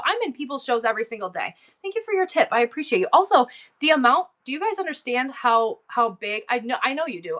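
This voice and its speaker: A woman's voice: a little high, bright, forceful tone. A middle-aged woman hosting a livestream sale, talking in a worked-up, rambling and emotional way. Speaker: livestream seller. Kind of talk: casual livestream chat.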